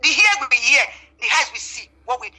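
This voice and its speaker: Emphatic Nigerian woman, high and fast. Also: very animated, pushed and bright, slightly rough. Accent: Nigerian Pidgin English. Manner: emphatic and repetitive, swearing oaths. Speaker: interviewee denying a voice recording. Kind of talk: phone interview.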